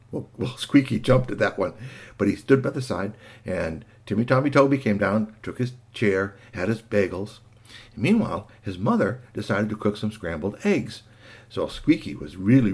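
A man reading a children's tale aloud, his voice husky and his pitch moving freely. He tells it in a lively storyteller's way, dropping in sound effects and asides.

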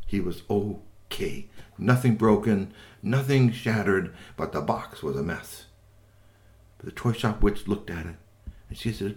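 A man narrating a children's tale in a sing-song way, often asking the listener questions. His voice rises and falls widely, sinking soft at gentle moments. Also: on the low side, normal speed. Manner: animated, sing-song, with many asides to listeners. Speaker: storyteller.

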